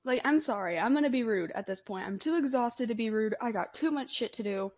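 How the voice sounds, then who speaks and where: Blunt, chatty young mom vlogger. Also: female voice, fairly high pitch, expressive, brisk. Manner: blunt, chatty, laughs often. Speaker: vlogger, mother. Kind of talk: casual to-camera chat.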